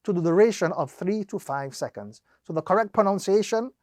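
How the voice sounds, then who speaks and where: A man teaching Quran recitation, explaining each rule slowly and step by step, drawing out the example words and repeating the steps methodically. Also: high-pitched, lively intonation, darkish tone, dry recording, studio quality. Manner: slow, deliberate explanation with drawn-out demonstrations. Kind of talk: instructional lesson.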